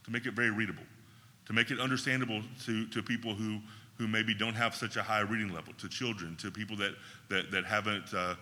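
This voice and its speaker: A man's voice: on the low side, fairly even intonation, fast, pushed and bright, in a large hall. A man teaching a Bible class in a conversational way, often checking in with his listeners.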